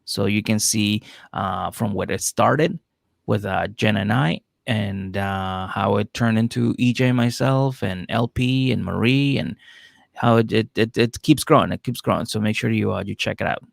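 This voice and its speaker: Gravelly low-voiced male podcast host. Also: moderate pace, no echo, clean studio sound. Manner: loose and rambling, with frequent laughs and filler words. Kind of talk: casual chat recapping a reality show.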